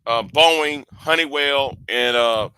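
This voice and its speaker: A man giving casual political commentary on a call, halting and restarting his sentences often. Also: medium pitch, sharp tone, clear, resonant tone, no echo. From United States. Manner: halting, many repeats and restarts.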